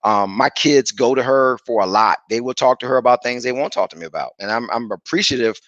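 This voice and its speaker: A man's voice: mid-range voice, a bit bright, no room sound. Middle-aged guy talking about his kids, earnest, lots of ums, dull dry call audio. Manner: earnest, reflective, halting with fillers. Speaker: guest, father of seven. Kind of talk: casual interview talk.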